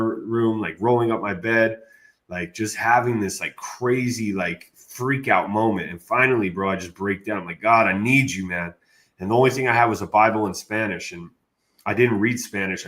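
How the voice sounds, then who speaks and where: Dude telling a story on a podcast, kinda low voice, says bro constantly. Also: male voice. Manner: animated, slangy, says "bro" often. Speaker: interview guest. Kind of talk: casual storytelling.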